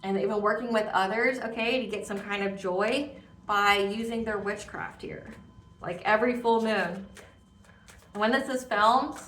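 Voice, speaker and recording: A woman reads tarot in a casual, rambling way, repeating words for emphasis. Her voice is bright and fairly high. It echoes around the room and sits away from the mic. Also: far from the mic, a little hiss or hum. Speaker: tarot reader. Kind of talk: casual spiritual tarot reading.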